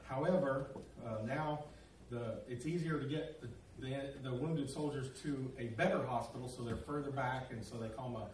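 A man's voice: mid-range voice, slight background noise. A middle-aged man, a pastor preaching a sermon and telling stories in a folksy, rambling way with many fillers. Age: middle-aged or older. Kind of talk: sermon with storytelling. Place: church sanctuary. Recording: echoey room, from a distance.

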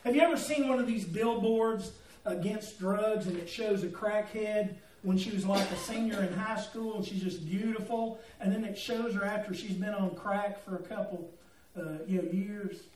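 A man's voice: sits high, moderate pace, a little mellow. A man preaching a sermon in a church, telling folksy stories with jokes and asides to the congregation. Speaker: pastor. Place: church sanctuary. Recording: echoey hall, mic from a distance.

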